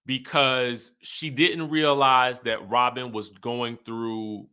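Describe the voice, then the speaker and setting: A man hosting an online show, recapping in animated, chatty talk with emphatic asides. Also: medium pitch, slow pace, clear, resonant tone. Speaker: YouTube host recapping reality TV. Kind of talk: casual chat.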